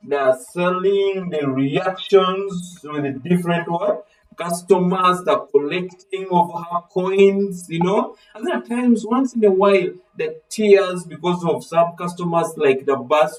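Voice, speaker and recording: Animated man teaching literature. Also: high-pitched, slow, far from the mic, rough recording. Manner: calls on students by name, asks fill-in questions; animated, acts out voices of characters. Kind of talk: live online literature lesson.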